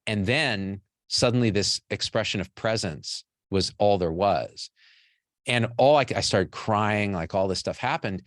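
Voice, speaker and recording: A man's voice: lowish voice, a little slow, no room sound, clean studio sound. A man in his forties, a physician and show host, telling a personal story to an audience in a candid, rambling and profane way. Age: 40s.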